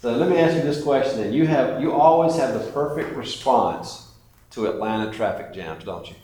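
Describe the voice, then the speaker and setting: A man preaches a sermon in an emphatic way, his voice rising and falling. His voice has a middling pitch. The sound carries the echo of a large church room. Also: normal speed, warm tone, slight background noise. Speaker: pastor. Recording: echoey church hall.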